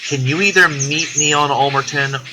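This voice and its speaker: A man's voice: a little high, normal speed, very noisy. A man vlogging in a casual, rambling way, chatty and profane, telling a story about his week. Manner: profane, chatty, self-deprecating.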